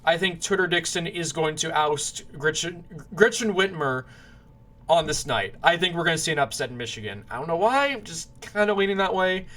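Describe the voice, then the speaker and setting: Guy rambling thru his picks, slightly high voice, keeps saying sorry when he flubs names. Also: lively intonation, moderate pace, bright, forceful tone. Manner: rambling, self-correcting, apologetic over names. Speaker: political commentator. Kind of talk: casual predictions monologue.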